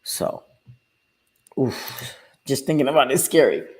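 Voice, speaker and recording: A woman's voice: a bass voice, big pitch swings, a little slow. Earnest woman hosting a live stream. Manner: earnest, heartfelt, reads out viewers' names. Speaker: live-stream host sharing her recovery story. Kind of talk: candid casual talk to viewers.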